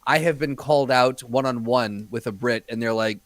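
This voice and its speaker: A man co-hosting a podcast in casual chat, emphatic and quick to riff on jokes. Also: medium pitch, a bit bright, dry recording. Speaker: podcast co-host.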